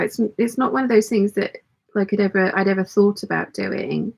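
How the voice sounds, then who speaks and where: A woman with a hoarse, croaky voice, chatting casually and rambling as she sews and answers a live chat. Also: medium pitch, normal speed, a little mellow. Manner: rambling, self-deprecating, chatty. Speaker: sewing livestream host. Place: home sewing studio.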